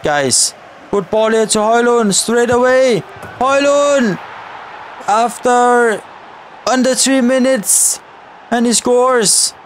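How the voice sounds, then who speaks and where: A man giving excited live commentary on his own football video game career mode, often exclaiming at chances and shouting at the players. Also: extremely high pitch, a little hiss or hum. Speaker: gaming YouTuber.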